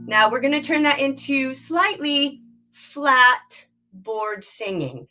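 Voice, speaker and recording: Woman vocal coach, high voice, unhurried, live warm-up class, demonstrating sung exercises. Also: soft background music. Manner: instructive, demonstrates bored and whiny tones and sung exercises.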